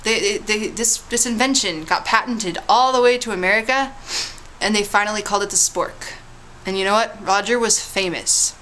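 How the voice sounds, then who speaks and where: A woman's voice: medium pitch, moderate pace, pushed and bright, slight background noise, poor audio. Playful woman vlogger, teasing tall tale. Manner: playful, teasing storyteller with swoops into big dramatic tones. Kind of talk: casual vlog with a mock history tale.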